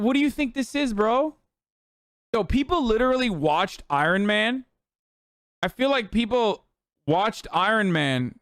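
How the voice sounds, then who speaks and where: A man's voice: high-pitched, a bit bright, clean tone, no room sound, studio quality. A man streaming political commentary, swearing and sarcastic, ranting at speed. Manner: profane, sarcastic, fast rants.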